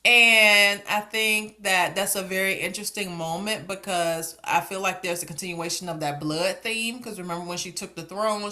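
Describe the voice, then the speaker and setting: A woman's voice: fairly low pitch, bright, forceful tone. A woman casually recapping and reviewing a TV episode, sassy and chatty, slipping into exaggerated character voices. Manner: sassy, chatty, full of endearments. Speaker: TV show reviewer.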